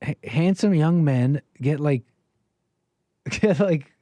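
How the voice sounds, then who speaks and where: Guy streamer ranting over clips, kinda high voice but mellow, lots of um and like, sarcastic. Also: animated, no room sound. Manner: rambling, halting, many fillers and restarts; sarcastic, dismissive. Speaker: livestream host taking calls. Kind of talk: casual commentary on video clips.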